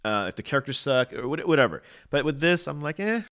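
A man's voice: fairly high pitch, very animated, quick pace, fairly bright tone, clear, resonant tone. A man co-hosting a podcast in casual chat, opinionated and hesitant, often restarting his sentences. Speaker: podcast co-host.

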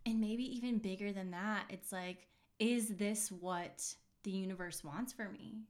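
A woman's voice: mid-range voice, fairly even intonation, measured pace. A woman hosting a podcast and giving an intuitive reading in a casual, chatty monologue, earnest and reassuring, full of fillers and restarts.

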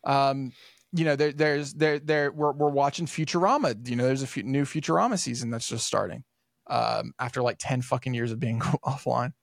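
Gravelly, swearing podcast co-host, a man. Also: medium pitch, normal speed, dry recording, studio quality. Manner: rambling storyteller, swears often, animated retellings. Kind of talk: casual podcast chat.

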